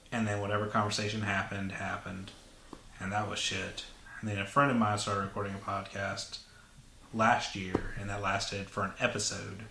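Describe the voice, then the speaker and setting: A man's voice: lowish voice, sharp tone, echoey room, a little hiss or hum. A man co-hosting a podcast, telling rambling joking stories in casual chat. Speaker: podcast co-host.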